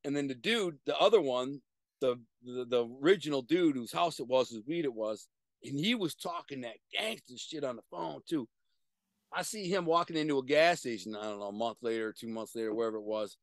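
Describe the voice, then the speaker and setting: A middle-aged man, a guest on a video-call interview, telling profane street stories in an animated way with sudden loud bursts. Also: medium pitch, brisk, no room sound. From Detroit, USA. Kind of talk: casual storytelling.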